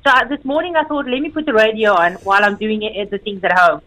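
A woman calling in to a radio show, excited and effusive. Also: medium pitch, quick pace, poor audio. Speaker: caller.

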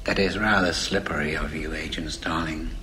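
An actor playing a menacing imprisoned killer, quiet and measured. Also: male voice, a bass voice, steady tone, over a noisy crowd. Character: cold, menacing older male killer. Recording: film clip with room ambience.

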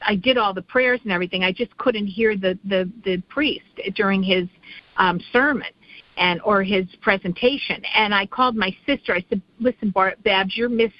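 A middle-aged woman chats on a radio talk show, circling back and restarting as she tells a story. Her voice sits at a middling pitch. The recording is dry and a little muffled. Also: moderate pace, no echo. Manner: rambling storyteller with many restarts. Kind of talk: casual chat.

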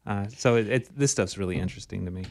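A man co-hosting a radio talk show, chatting in a relaxed, conversational way. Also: lowish voice, fast talker, creaky, no room sound. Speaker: radio co-host. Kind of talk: casual radio chat.

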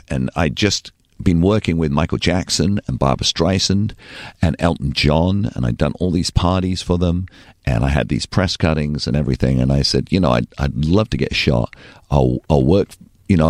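A man with an English accent, a former radio DJ, telling animated stories in a casual interview. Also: deep voice, no echo, clean studio sound. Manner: animated, emphatic storyteller. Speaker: radio DJ guest.

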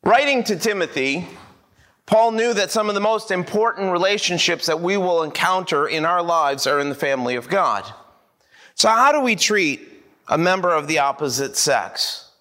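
Bright, high-voiced male pastor preaching. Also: normal speed. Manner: animated storytelling, acting out dialogue. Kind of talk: sermon.

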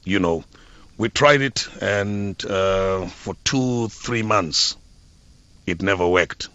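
A middle-aged South African man from the Eastern Cape, a former football club PR officer, telling stories in a radio interview with an animated, expressive delivery. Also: fairly low pitch, takes it slowly, clean tone, no echo, lo-fi sound.

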